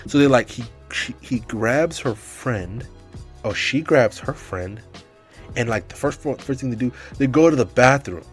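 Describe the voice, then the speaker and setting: Young adult man, mid-pitch, casual comic storyteller who rambles and piles on filler words. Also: moderate pace, soft background music. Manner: rambling, animated, heavy use of filler words.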